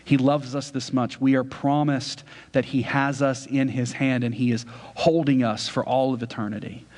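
A man's voice: medium pitch, little pitch movement, moderate pace, darkish tone. A man preaching a sermon as a pastor, conversational, often checking in with his listeners. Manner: conversational preaching with frequent "right?" asides. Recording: church hall reverb.

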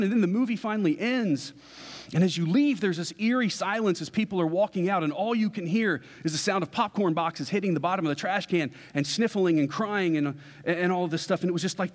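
Man preaching in an echoing hall. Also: high voice. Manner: casual storytelling, acts out quoted dialogue. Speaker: pastor. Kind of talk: sermon illustration. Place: church sanctuary. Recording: long hall reverb.

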